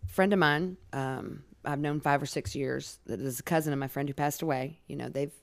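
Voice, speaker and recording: A middle-aged woman, a podcast guest, telling her story in a casual, animated way, laughing often and swearing. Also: low voice, normal speed, gravelly, no room sound.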